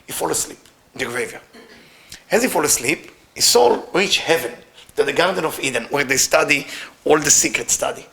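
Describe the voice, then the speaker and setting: Animated male Kabbalah teacher in broken English, fairly high voice with lively swings. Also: normal speed, gravelly. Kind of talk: storytelling lesson.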